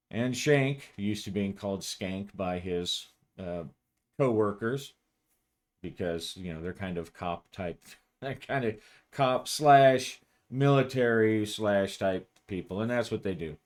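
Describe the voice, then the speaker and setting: Slow and lowish in voice, a man acts as game master for his own solo tabletop role-playing game. His narration is loose and rambling, full of chuckles and frequent restarts.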